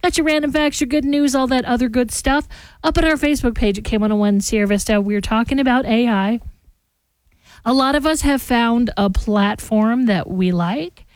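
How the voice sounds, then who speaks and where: A woman's voice: fairly high pitch, normal speed, no room sound. A woman hosting a morning radio show, chatting casually and rambling straight to her listeners. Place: radio studio. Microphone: studio microphone.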